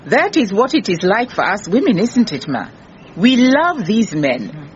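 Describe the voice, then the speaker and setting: Radio drama: firm, patient detective, muffled sound. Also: female voice, mid-range voice, very animated, measured pace. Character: calm firm woman detective. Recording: muffled with faint hiss.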